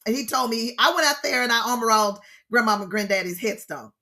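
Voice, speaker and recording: Middle-aged woman, grief counselor, online class; bright, higher voice, sermon-like repetition. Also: quick pace. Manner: expressive, preacher-like, exclaims and repeats key phrases. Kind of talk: lively teaching talk to an online group.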